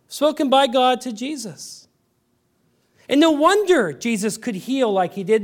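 A male pastor delivering a sermon, telling family stories and building to loud, fervent emphasis, with frequent restarts. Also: extremely high pitch, lively intonation, a little slow. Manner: acts out his daughter's voice in stories.

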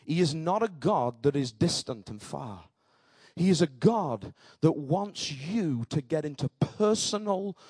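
A male pastor preaching a sermon in an emphatic style that rises to shouts. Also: fairly high pitch, slightly rough, no room sound.

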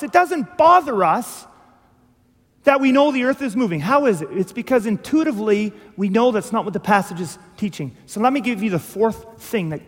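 A male pastor preaching a sermon, animated and full of rhetorical questions, acting out little dialogues. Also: very high-pitched. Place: church hall. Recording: long hall reverb.

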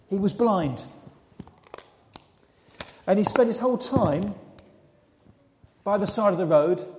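A male preacher tells a story as a sermon, dramatic and then hushed. His voice sits high for a man and sounds mellow. A long reverb fills the church hall around him. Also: a little hiss or hum. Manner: dramatic storyteller, quiet and intimate at the close.

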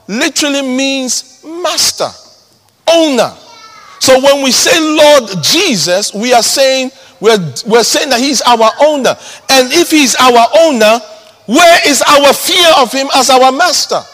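High-voiced preacher in a hall. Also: male voice, lively intonation, slow pace. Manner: emphatic, repeats key words, swings from loud to hushed. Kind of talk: sermon. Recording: long hall reverb.

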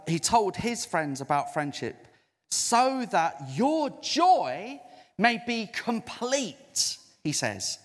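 A preacher with a lively, swooping voice, delivering a sermon slowly and deliberately. He stretches key words for emphasis and invites his listeners to say phrases back, while long reverb from the church hall trails behind each line. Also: medium pitch. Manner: expressive, drawn-out emphasis, audience call-and-response.

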